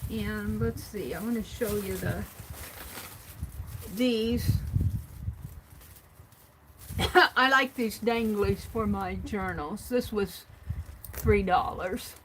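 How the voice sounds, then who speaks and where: A woman vlogger casually chatting through her craft supply haul and tallying up prices out loud as she thinks. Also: mid-range voice, drawn-out words, long pauses, noisy background.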